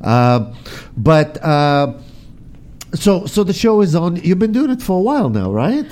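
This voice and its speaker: A man's voice: on the high side, very animated, a little slow, darkish tone. A man hosting a morning radio show from a studio microphone, joking and upbeat with loose filler words. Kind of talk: casual radio chat.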